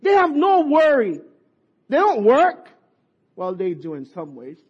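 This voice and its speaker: Brief: male preacher, very high husky voice, slow delivery, dull lo-fi recording. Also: wildly swooping pitch. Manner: impassioned, with soft drops and shouted peaks. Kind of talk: sermon. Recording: muffled lo-fi sermon recording.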